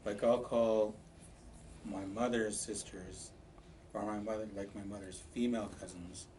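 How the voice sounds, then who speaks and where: A man's voice: lowish voice, fairly even intonation, measured pace, a little mellow. A man talking from far off-mic. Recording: distant off-mic voice, noisy room.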